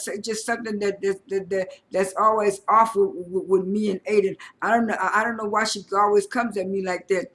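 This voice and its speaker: A man casually recapping a reality show episode, talking in a halting way with many fillers and repeated words. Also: sits high, a bit bright.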